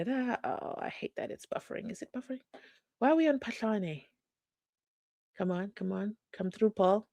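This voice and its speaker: A woman's voice: mid-range voice, normal speed, gravelly, a little mellow, no room sound. A woman hosting a live stream in casual chat, reacting animatedly to viewer comments. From South Africa.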